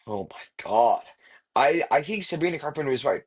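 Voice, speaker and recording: A young man rambling through casual online commentary, swearing freely and filling pauses with "like" and "um.". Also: mid-range voice, husky. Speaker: commentary YouTuber.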